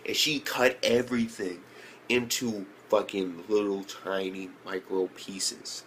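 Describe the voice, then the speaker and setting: A young man reviewing an anime episode in casual speech, slangy and profane, who keeps jumping up in pitch when he reacts. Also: fairly even intonation, slow, a bit bright, a little hiss or hum.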